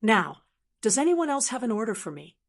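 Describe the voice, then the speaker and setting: A woman reading a soft-spoken young vampire. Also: fairly high pitch, fairly quick. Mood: calm. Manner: soft, calm. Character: rebellious young male vampire, quiet and defiant.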